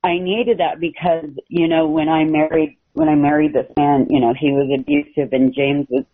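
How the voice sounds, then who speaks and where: Woman phone-in caller; hesitant and emotional, low pitch, thin telephone sound. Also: steady tone. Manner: halting, tearful, hesitant. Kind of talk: call-in conversation. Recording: tinny phone line.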